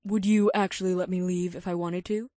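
A woman's voice: fairly low pitch, little pitch movement, brisk, dark tone, no echo, lightly acted. A woman reading a stubborn young witch in an audiobook, proud and defiant, brushing off every doubt. The voice sits mid-range and close, recorded dry with no room. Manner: defiant, insistent.

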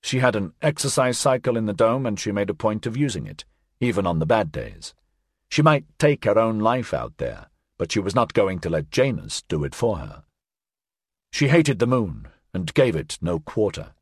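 A man narrating an audiobook in an expressive storytelling manner. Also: fairly low pitch, breathy edge, dry recording, clean studio sound.

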